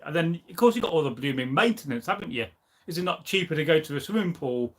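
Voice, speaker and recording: A man with a fairly high, animated voice talks fast while hosting a live stream. He reads the chat aloud and rambles in an opinionated way, using plenty of fillers.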